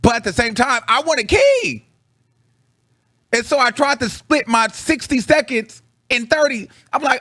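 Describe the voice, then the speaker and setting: A man telling a story to his viewers in slangy, casual chat, swinging from low mutters to high excited bursts. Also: normal speed, no room sound, studio quality. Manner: slangy, calls the audience girl. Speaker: vlogger reviewing a concert.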